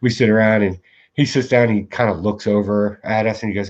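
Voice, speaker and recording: A man's voice: mid-range voice, unhurried, breathy edge. Laughing man telling stories, lo-fi. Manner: animated storyteller, acts out quotes, laughs often. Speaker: podcast co-host. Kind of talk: casual chat.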